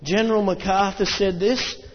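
A man preaching a sermon, chatting to the congregation with asides and reading scripture aloud, slowing down for emphasis. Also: high voice, steady tone, a little hiss or hum. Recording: dull sound with long reverb in a hall.

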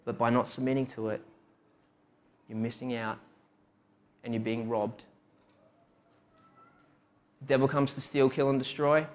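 A man's voice: mid-range voice, flat delivery, a little slow, long pauses. A young man preaching a sermon, telling personal stories and asking rhetorical questions. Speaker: preacher giving a testimony.

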